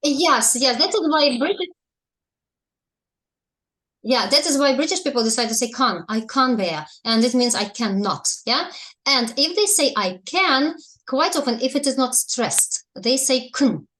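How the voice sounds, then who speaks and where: Lady teaching english online, kinda high voice, keeps asking the class questions. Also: animated, moderate pace, fairly bright tone. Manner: explaining patiently, asking students questions. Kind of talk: online language lesson. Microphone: video call.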